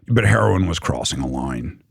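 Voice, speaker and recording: A man's voice: rumbling low, expressive, normal speed, creaky, slightly rough, dry recording, clean studio sound. A young man recounting a personal story in loose, rambling conversation, full of fillers. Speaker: storyteller recounting his past.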